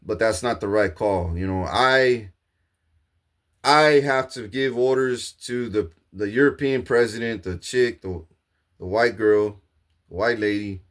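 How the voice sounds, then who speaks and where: A man's voice: fairly low pitch, unhurried. A man delivering a rambling, profane monologue, grandiose and repetitive, with frequent restarts. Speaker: self-proclaimed king ranting to camera.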